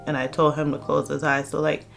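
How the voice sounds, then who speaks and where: Woman, storytime vlog, candid conversational telling, acted-out dialogue, soft background music. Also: low voice, flat delivery, fairly quick, gravelly. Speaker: vlogger.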